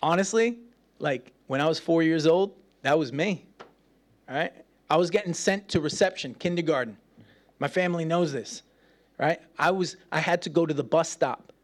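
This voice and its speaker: A man delivers a sermon with a voice pitched a little above most men's. He is playful and talkative, laughs often, and acts out the voices of people in his story. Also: normal speed. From United States. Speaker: preacher. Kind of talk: sermon with personal stories.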